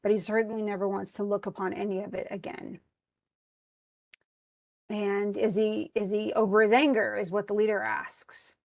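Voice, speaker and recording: A woman teaching literature, retelling a tragedy and reading its lines aloud, with lively storytelling and many restarts. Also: mid-range voice, normal speed. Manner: animated storytelling, reads quoted lines aloud, frequent restarts. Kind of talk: lecture retelling a play.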